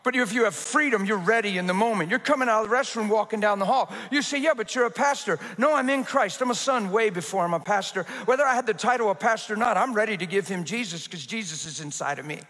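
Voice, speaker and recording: A male pastor delivers a storytelling sermon, acting out each person's lines with animated energy and frequent laughter. His voice sits high and bright. A long reverb trails every phrase, as in a big church sanctuary. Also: quick pace, hardly any pauses. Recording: reverberant hall.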